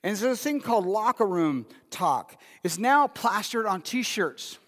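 A man's voice: high-pitched, big pitch swings, unhurried, a bit bright. A man preaching a sermon as pastor, talking in a conversational way and asking the congregation questions. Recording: long hall reverb.

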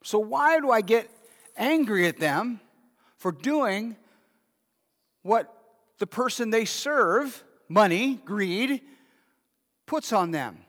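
A man's voice: high voice, animated, slow pace, pauses often, a bit bright. A man preaching a sermon as pastor, talking in a conversational way and asking the congregation questions. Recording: long hall reverb.

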